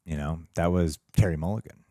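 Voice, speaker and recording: Low-voiced male co-host, dry close mic, deadpan comic rambler. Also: fairly quick, no echo. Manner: deadpan joking, rambling tall tales. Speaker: co-host of a reaction review show. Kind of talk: casual chat.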